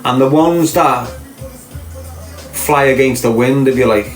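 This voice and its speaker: Speaking slowly in a mid-range voice, this Liverpool-accented podcast host rambles through a casual chat and throws in rhetorical questions. Faint music plays in the echoey room around him.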